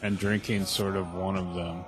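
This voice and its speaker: A man's voice: sits low, level tone, normal speed, music in the background. A man co-hosting a casual podcast, tossing in dry, wisecracking replies. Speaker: podcast co-host.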